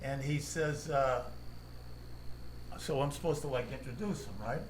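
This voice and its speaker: A man's voice: medium pitch, unhurried, background noise. A man from Boston with a Boston accent, telling comedy-club stories in a rambling, profane way that is full of "you know" and "like.". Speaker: comedian guest. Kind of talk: casual chat, storytelling.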